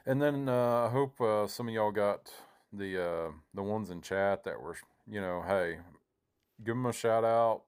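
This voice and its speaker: A man's voice: lowish voice, a little slow, a little mellow, clean tone. A man giving casual, rambling commentary over his own gameplay, often breaking off mid-sentence to replay his own panicked thoughts. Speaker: gaming YouTuber.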